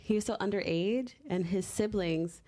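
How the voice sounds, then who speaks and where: A woman's voice: mid-range voice, moderate pace. Laughing woman telling travel stories. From Miami, Florida. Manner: laughing storyteller, lively anecdotes. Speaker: guest. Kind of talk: casual podcast chat.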